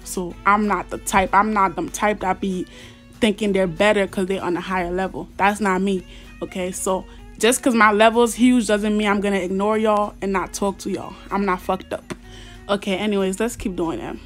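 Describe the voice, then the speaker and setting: A young woman commenting on her mobile game in a chatty, slang-heavy way, breaking into excited squeals and shouts. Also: medium pitch, measured pace, soft background music. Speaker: gaming YouTuber. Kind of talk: casual gameplay commentary.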